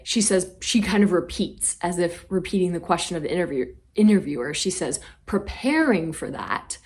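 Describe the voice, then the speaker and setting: Woman vlog host with a lowish voice, chatty and a bit dramatic. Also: warm tone. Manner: chatty, dramatic, with playful exaggeration. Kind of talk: casual commentary vlog.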